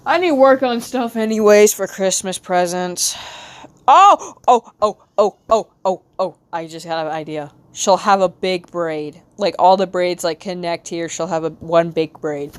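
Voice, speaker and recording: An American woman with a light Southern accent, rambling casually to her stream while she draws, talking to herself with quick bursts of excitement. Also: lowish voice, clear, resonant tone, no room sound. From United States. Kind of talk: casual live-stream chat while drawing.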